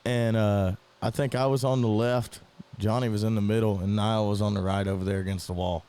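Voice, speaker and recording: A man's voice: on the low side, fairly even intonation, a little fast, mellow, clear, resonant tone. A young man co-hosting a podcast, telling stories in a laid-back, slangy way. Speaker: podcast co-host. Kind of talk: casual chat.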